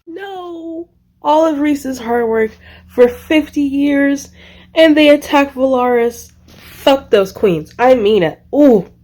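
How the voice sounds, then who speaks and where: Excitable woman gushing in a vlog. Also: high voice, takes it slowly. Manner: gushing, excitable, lots of exclamations; rambling with many fillers and restarts. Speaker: book vlogger. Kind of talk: casual reading vlog.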